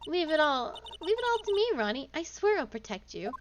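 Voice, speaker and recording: A woman's voice: sits high, big pitch swings, fairly quick, background noise, pitched above the performer's own voice. A woman voicing a doting, flirtatious wife with affected French airs and a sugary manner, with game music behind her.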